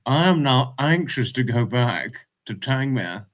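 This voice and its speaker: A man's voice: medium pitch, lively intonation, unhurried. A man hosting a casual livestream, reading chat messages aloud and reacting with frequent laughs.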